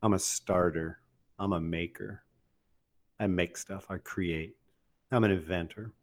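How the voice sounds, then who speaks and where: An older man telling a funny personal story in an animated, casual way, often laughing and acting out what others said. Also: low-pitched, a little slow. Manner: laughs often while telling, acts out quoted voices.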